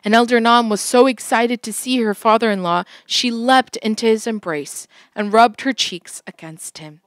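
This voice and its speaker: A woman's voice: on the high side, normal speed, no echo, clean studio sound. A woman interpreting a sermon and telling its story in an earnest, heartfelt way.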